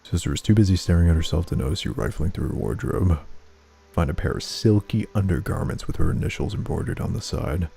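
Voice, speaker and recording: A man's voice: low-pitched, expressive, brisk, vocal fry, warm tone. A young man playing a game, reading its text aloud and making crude, sardonic remarks. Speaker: let's play gamer. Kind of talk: casual game commentary and reading.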